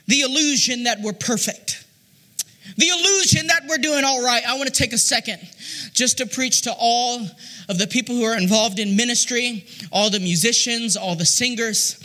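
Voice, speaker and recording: A man preaching a sermon in a rising, sing-song cadence that swells into shouted, half-sung lines. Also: very high-pitched, measured pace.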